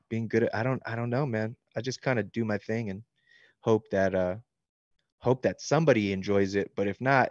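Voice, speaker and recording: A man's voice: lowish voice, no room sound. Male author, 30s, casual rambling interview talk; dry, slightly muffled recording. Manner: loose and rambling, many likes and ums, laughs easily. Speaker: author answering fan questions.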